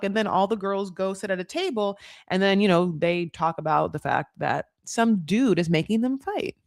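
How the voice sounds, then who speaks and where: A woman's voice: mid-range voice, moderate pace, no room sound, clean studio sound. A woman hosting a reality-TV recap who talks in candid, profane, gossipy casual commentary, filled with "like".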